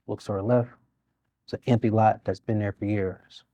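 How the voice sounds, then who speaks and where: A man's voice: fairly low pitch, fairly even intonation, moderate pace, warm tone, no room sound, highs cut off. A man, a mayor speaking earnestly and steadily in a studio interview. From Birmingham, Alabama. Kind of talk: interview conversation.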